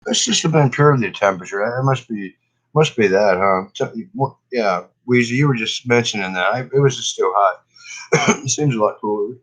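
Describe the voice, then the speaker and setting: A stoned cannabis vlogger rambles in a laid-back, profane way during a casual smoking session, coughing often. His voice is fairly low and moderately paced, on a rough recording.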